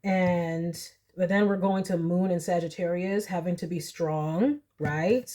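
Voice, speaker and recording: A young woman giving a casual pick-a-card tarot reading, chatty and animated, often laughing. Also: fairly low pitch, a little slow. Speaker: tarot reader.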